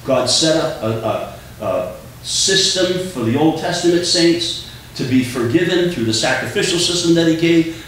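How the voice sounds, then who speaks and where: A man's voice: a little high, fairly bright tone. A man preaching a sermon as pastor, earnest and emphatic, often repeating words as he drives a point home. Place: church sanctuary. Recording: echoey church room, distant mic, faint hum.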